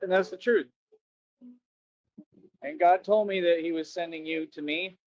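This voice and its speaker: A man's voice: a little high, steady tone, a little slow, darkish tone, no room sound, muffled recording. A man livestreaming outdoors near a road, rambling and repeating himself as he chats to viewers. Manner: rambling and repetitive, keeps saying "that's right". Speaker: livestreamer asking viewers for donations. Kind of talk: casual rambling livestream chat.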